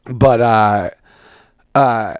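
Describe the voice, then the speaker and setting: A man's voice: medium pitch, drawn-out words, no room sound. A man hosting a podcast, ranting casually with lots of fillers and swearing. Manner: rambling, profane, frequent fillers. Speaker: podcast host. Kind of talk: casual rant.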